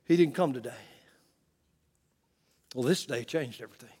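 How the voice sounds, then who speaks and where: A man preaching and telling a story, swinging from loud to hushed with chuckling asides. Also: medium pitch, normal speed, breathy edge, in a large hall. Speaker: pastor. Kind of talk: sermon storytelling. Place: church.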